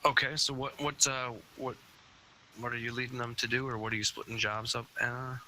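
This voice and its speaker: A man running a tabletop pirate game as game master, halting and full of fillers. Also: mid-range voice, flat delivery, bright, forceful tone, a little hiss or hum.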